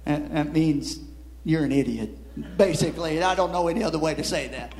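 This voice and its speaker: A man's voice: fairly high pitch, moderate pace, a little mellow. A man preaching a sermon, repeating words and punctuating his points with "Amen". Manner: rising and dropping emphasis, repeats words, frequent "Amen".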